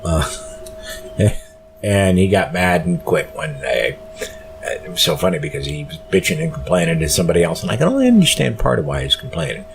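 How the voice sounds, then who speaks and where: A weary man with a low voice hosts a solo podcast, rambling casually and stopping often for fillers. He sounds plainly tired, and faint music runs in the background. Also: big pitch swings, creaky. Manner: rambling, slow, full of fillers. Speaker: podcast host.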